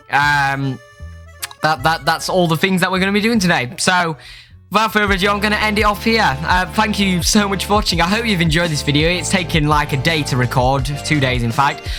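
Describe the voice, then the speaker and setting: A man's voice: fairly high pitch, a bit bright. A man reading out dating-app chats as a comedy vlog, sarcastic and stumbling over his words. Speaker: YouTuber. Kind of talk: comedic reading of chat messages.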